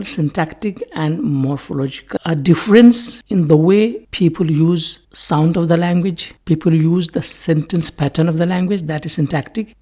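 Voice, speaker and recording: A lecturer giving a recorded English-language lesson in a deliberate way, repeating key terms in lists. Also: medium pitch, dark tone, slightly rough.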